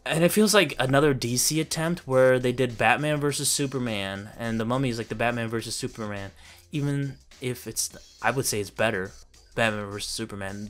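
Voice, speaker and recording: A man's voice: mid-range voice, a bit bright. A man giving a casual, profane and sarcastic review of a film he finds ridiculous, laughing as he rants. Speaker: movie reviewer. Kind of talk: casual ranting movie review.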